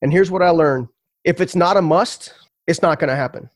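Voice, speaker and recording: A man's voice: fairly high pitch, brisk, no echo, clean studio sound. A man telling his story as a podcast guest, earnest and emphatic, often repeating words.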